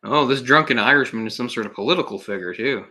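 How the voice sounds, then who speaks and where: A man's voice: medium pitch, fast, bright, forceful tone. A young man giving casual, sarcastic live commentary on a film, exasperated and swearing at times. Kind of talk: solo live movie commentary.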